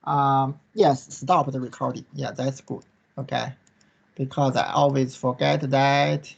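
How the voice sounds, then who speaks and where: A man's voice: mid-range voice, flat delivery, unhurried, vocal fry, slightly rough. A male course instructor answering questions in an online class, in non-native English that tags most sentences with "right?" and "okay?". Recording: dull lo-fi online class recording.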